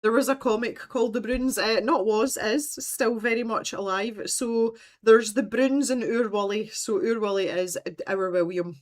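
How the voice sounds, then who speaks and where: A woman's voice: fairly high pitch, steady tone, moderate pace, few pauses. Chatty Scottish woman sorting pencils. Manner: chatty and meandering, laughs often. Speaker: art livestream host. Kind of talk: casual livestream chat.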